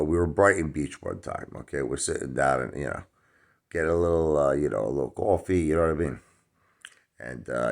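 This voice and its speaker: A man's voice: rumbling low, vocal fry. A middle-aged man telling a comic anecdote in a rambling way, full of fillers, acting out the quotes. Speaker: storyteller.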